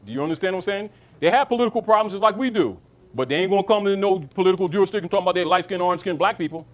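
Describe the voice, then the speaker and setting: A man with a high voice delivers an informal teaching talk to a listening audience. He speaks emphatically, repeats phrases and often asks whether his listeners understand. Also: racing. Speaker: lecturer.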